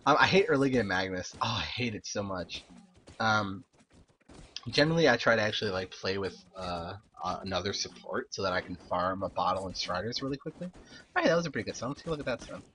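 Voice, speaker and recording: A young man giving casual, animated live-stream commentary on game replays, swearing, laughing and throwing in quick asides. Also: lowish voice, a little hiss or hum. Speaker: game caster reviewing replays.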